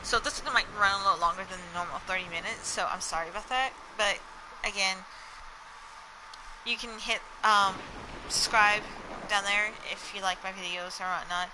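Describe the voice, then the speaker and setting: A woman's voice: mid-range voice, normal speed, background noise. A woman with a slight Southern accent, chatting casually to her viewers in a rambling, stream-of-thought way, full of "like" and "you know". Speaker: vlogger.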